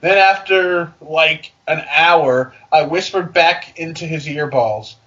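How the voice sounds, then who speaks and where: A man reading fan fiction aloud for comedy, with joking, deadpan asides. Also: a little high, slow, dull audio.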